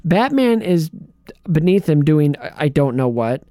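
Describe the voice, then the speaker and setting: A man's voice: on the high side, big pitch swings, measured pace, dark tone, no room sound, studio quality. Sarcastic man in casual movie chat. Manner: sarcastic, joking, laughs often. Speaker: podcast co-host.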